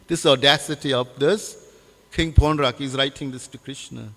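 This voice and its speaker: A man giving a devotional scripture class, halting with many fillers and putting questions to his listeners. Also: medium pitch, steady tone, fairly bright tone. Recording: long hall reverb.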